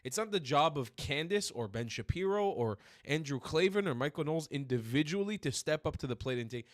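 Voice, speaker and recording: A man with a highish voice hosts a political commentary stream, ranting in furious, profane outbursts. He's animated and fairly quick, recorded with clean studio sound and no echo.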